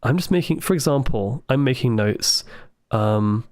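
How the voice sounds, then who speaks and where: Excitable man streaming a puzzle game. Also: medium pitch, dry recording, clean studio sound. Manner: thinking aloud, excitable, quick asides to chat. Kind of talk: live gameplay commentary.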